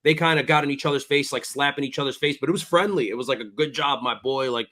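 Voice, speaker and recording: A man's voice: on the high side, rapid-fire, sharp tone. A man hosting a fight recap podcast, recounting the action at length in blunt, profane casual chat. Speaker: podcast host.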